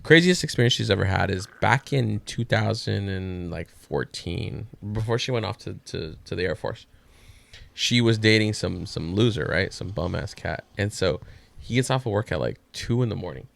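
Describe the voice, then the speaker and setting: Gravelly-voiced man telling a story. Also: fairly low pitch, normal speed. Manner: animated, profane, slangy storytelling. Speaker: podcast co-host. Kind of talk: casual storytelling.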